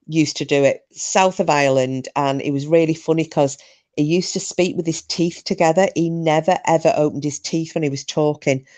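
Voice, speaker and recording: A woman's voice: deep voice, steady tone, normal speed, darkish tone. A woman hosting a live stream, chatting casually and rambling, with frequent restarts. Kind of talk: casual chat.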